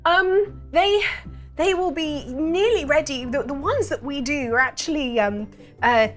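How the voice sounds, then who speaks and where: A woman voicing a flustered, bustling female moth-like baker who stammers and rushes her words in a tabletop game. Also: high-pitched, soft background music. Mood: frazzled. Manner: flustered, stammering, breathless rush. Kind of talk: tabletop role-play voicing.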